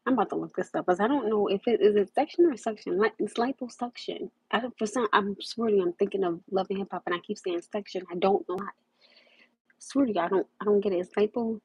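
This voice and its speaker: Young woman, casual rambling livestream chat, mellow husky voice, dull lo-fi sound. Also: mid-range voice, no echo. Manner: rambling, conversational, repeats herself. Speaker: livestream host. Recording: muffled lo-fi livestream audio.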